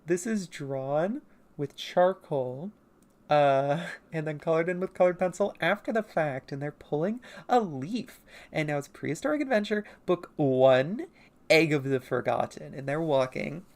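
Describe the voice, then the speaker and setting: Low-voiced woman on a chill art stream. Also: unhurried, a little mellow. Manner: rambling, self-mocking. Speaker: comic artist streaming. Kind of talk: casual livestream chat.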